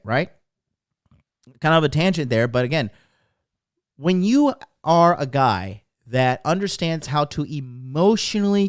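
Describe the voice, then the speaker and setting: A man with a fairly high voice hosts a live-streamed dating talk as a casual monologue, telling stories in a crude, blunt, profane style. The audio is studio quality with no echo.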